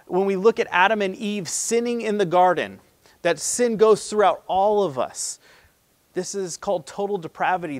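A male pastor preaching in a relaxed, chatty way, calling his listeners "guys". His voice sits a little high for a man, and he swings from loud emphasis to quiet, low asides. The recording is dry, with almost no room echo. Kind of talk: sermon.

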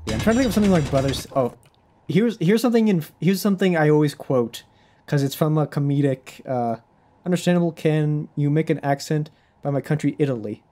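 A young man talks through his game stream in a loose, rambling way, restarting sentences and breaking into laughter. His voice sits a little higher than most men's. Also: brisk, warm tone. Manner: rambling, self-interrupting, laughs often. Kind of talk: casual live-stream chatter.

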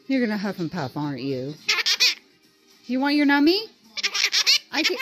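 A woman's voice: fairly high pitch, very animated, a little slow, pauses often. A woman talking baby talk to her pet, cooing and teasing in a sing-song way. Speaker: pet owner. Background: music.

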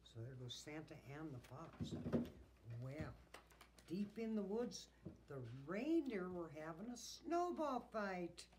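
A teacher reads a picture book aloud to children, expressive and chatty with her listeners. Her pitch swings lively over a slow, careful pace. A faint hum of room noise sits behind her. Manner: expressive, asks the listeners questions.

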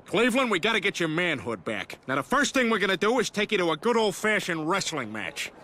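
Peter Griffin, a goofy, loud cartoon dad. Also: male voice, high voice, big pitch swings, fairly quick, exaggerated voice. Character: dim, boisterous middle-aged cartoon dad. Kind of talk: cartoon voice acting.

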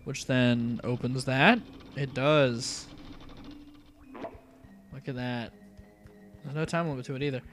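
A man's voice: medium pitch, steady tone, slow pace, long pauses, fairly bright tone, faint music behind. A young man giving casual, rambling commentary while playing a video game, often trailing off into mutters. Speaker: let's play host.

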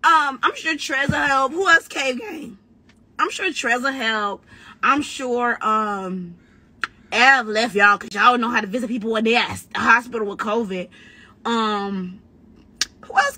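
A woman battle rapper in a brash, profane, trash-talking rant, talking casually and quickly. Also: sits high, pushed and bright, slightly rough, no echo. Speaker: battle rapper giving commentary.

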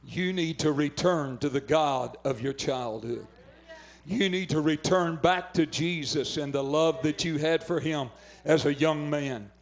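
Older oklahoma preacher, fervent revival sermon, kinda high-pitched. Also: male voice, a little slow, gravelly. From southwestern Oklahoma. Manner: fervent preaching, urging callers to phone in. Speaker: pastor. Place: revival tent.

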